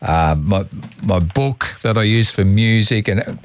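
A man's voice: on the low side, unhurried. A man with an Australian accent hosting breakfast radio, chatting and joking with a caller. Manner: chatty, jokey banter. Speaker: radio host. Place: radio studio. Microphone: studio microphone.

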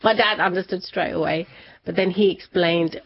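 A woman, a guest telling a personal story in an interview, animated and laughing often. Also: lowish voice, normal speed, vocal fry, highs cut off. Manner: animated, laughs often, acts out family members' words.

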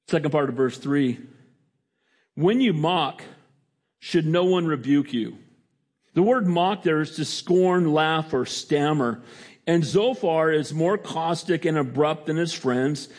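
A middle-aged male pastor preaches a sermon, his voice suddenly jumping up in pitch for emphasis, then dropping to a quiet, low tone.

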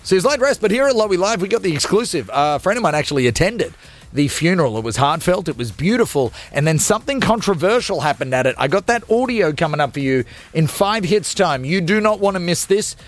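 A man hosting a live radio show, joking and teasing upcoming segments in a self-mocking, energetic way. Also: sits high, fast talker. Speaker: radio host.

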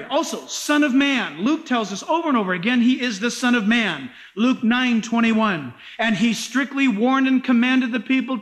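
A male pastor preaching a sermon, animated and dramatic in his emphasis. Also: very high voice.

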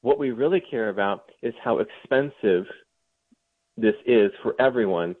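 A man's voice: fairly low pitch, normal speed. Male guest over a tinny line. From Ohio. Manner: storytelling, with frequent restarts and mocking mimicry. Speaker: author and guest. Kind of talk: remote interview storytelling. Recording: tinny phone-like remote line.

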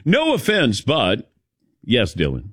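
A man's voice: mid-range voice, huge pitch swings, takes it slowly, breathy edge, no room sound, clean studio sound. A man hosting a sports talk show, chatting loosely and laughing at his own stories. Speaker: sports talk radio host.

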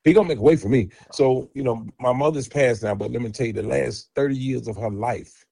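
Gravelly fast-talking man telling stories. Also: medium pitch, no room sound. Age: middle-aged. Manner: animated storyteller acting out quoted dialogue. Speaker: guest. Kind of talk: candid storytelling interview.

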